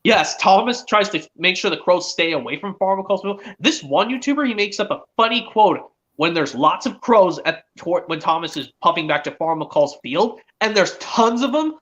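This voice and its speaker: A man's voice: high voice, expressive, normal speed, few pauses, a bit bright, highs cut off. A teenage boy streaming, chatting eagerly in a rambling way with many restarts. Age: teens. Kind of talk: casual chat.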